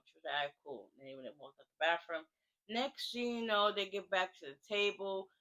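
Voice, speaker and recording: A woman's voice: on the low side, steady tone, fairly quick, pushed and bright, rough recording. A woman giving a casual spoken recap of a TV episode in a chatty, slangy way, full of fillers. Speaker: TV recap vlogger.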